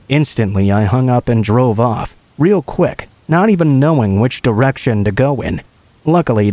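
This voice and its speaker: A man reading true horror stories aloud in a calm, even storytelling manner. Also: medium pitch, dry recording. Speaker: narrator. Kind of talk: scripted narration of horror stories.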